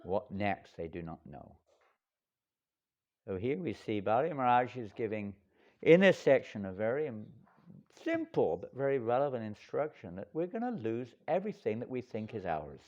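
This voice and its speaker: A monk giving a lively, dramatic storytelling sermon with wry asides. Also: male voice, medium pitch, moderate pace. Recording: dull lo-fi lecture recording.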